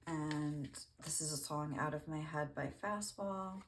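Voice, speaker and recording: A woman's voice: deep voice, unhurried, a little hiss or hum. A woman reading tarot cards, talking casually and rambling with many fillers. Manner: rambling, lots of "like", laughs often. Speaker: tarot reader.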